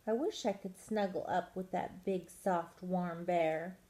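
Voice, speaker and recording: A woman's voice: fairly low pitch, steady tone, measured pace, warm tone, lightly acted. Woman reading as a shivering little squirrel. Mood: plaintive. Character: cold male squirrel wanting warmth.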